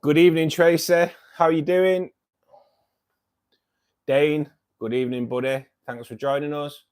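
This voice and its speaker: His voice sits on the high side, a little mellow, steady in tone and a little slow. He's the host of a fishkeeping club livestream, at home by his fish tanks, rambling and bantering jokingly with arriving viewers, with many fillers.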